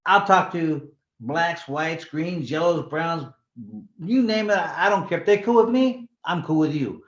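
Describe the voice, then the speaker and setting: A sixty-year-old man from California tells stories as a guest, chatty and rambling, doubling back on his words. His voice sits a bit high for a man. The recording is echoey and dull, like a lo-fi room capture. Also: measured pace. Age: 60s. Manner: rambling, repeats words, drops into Spanish slang. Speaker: guest, former boxing champion. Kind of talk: casual storytelling interview.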